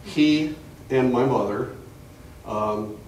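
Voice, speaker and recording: Here the older man talks very slowly, his mid-range voice a little mellow, wandering through family anecdotes for a museum audience and often starting his sentences over amid fillers. The recording comes from a distant camera mic among the listeners in the gallery, echoey and remote with faint hiss.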